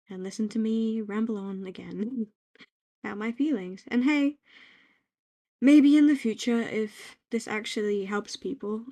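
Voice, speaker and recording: Speaking softly into a home microphone, a young British ASMR creator drifts through a reflective, quietly affirming note addressed to herself. Her voice is on the high side as she rambles gently.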